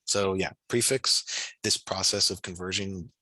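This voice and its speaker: Over a video call, a man tutors physics in a deep, bright, husky voice, thinking aloud in a relaxed, encouraging manner and sprinkling fillers through his explanations. He keeps a measured pace, and the low-quality recording sounds dry and close with no echo.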